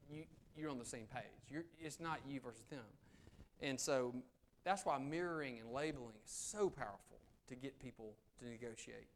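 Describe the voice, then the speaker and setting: A man from the American South, giving an animated, conversational presentation as an attorney to a professional group. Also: mid-range voice, a little hiss or hum. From Southern United States. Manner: animated, conversational, acts out quotes. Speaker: attorney giving a negotiation talk. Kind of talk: conference presentation. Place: meeting room.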